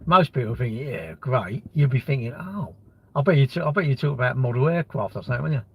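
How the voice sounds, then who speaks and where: Husky man rambling on a live stream. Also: medium pitch, very fast, no echo, narrow, tinny audio. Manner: rambling, blunt banter with swearing, answers chat comments. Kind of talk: casual live-stream chat.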